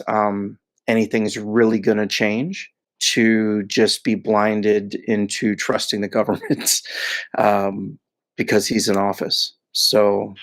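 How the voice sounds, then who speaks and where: A man speaking as a podcast guest in casual chat, measured and hedging, with repeated filler words. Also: lowish voice, a bit bright.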